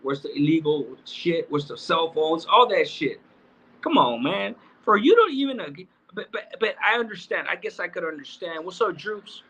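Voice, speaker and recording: Bright-voiced streetwise man on a livestream. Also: high-pitched, expressive, normal speed, breathy edge. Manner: streetwise slang, loose and profane. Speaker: livestream host. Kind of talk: casual livestream chat. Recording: dull lo-fi stream audio.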